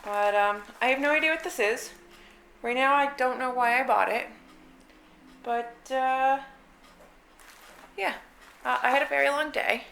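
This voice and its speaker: A woman's voice: high voice, a little slow, gravelly, pauses often, a bit bright, slight background noise, low-quality recording. A woman, a nurse, talking in a rambling, chatty vlog at home, full of fillers. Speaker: nurse and book vlogger. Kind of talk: casual vlog chat.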